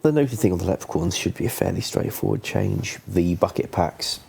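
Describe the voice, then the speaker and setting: Gravelly deep-voiced developer. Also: male voice, expressive, normal speed, darkish tone. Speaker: game developer. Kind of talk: casual live-stream Q&A.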